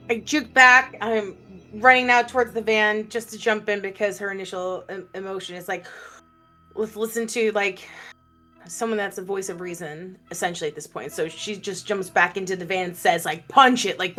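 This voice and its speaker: A woman's voice: mid-range voice, fairly even intonation, normal speed, pushed and bright, faint music behind. A woman playing a tabletop role-playing game, talking casually with many fillers. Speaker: player.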